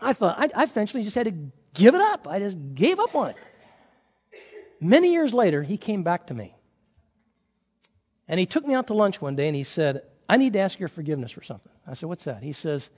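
A middle-aged male pastor delivers an animated sermon, acting out stories and swinging from loud to hushed. His voice sits high for a man. The sound carries a long reverb, like a large sanctuary. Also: a little fast, long pauses, slightly rough.

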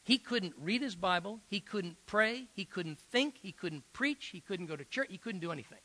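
A man's voice: high-pitched, lively intonation, moderate pace, pushed and bright, low-quality recording. A middle-aged man preaching a sermon, telling stories in an earnest, emphatic way with frequent fillers. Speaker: pastor. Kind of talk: sermon storytelling.

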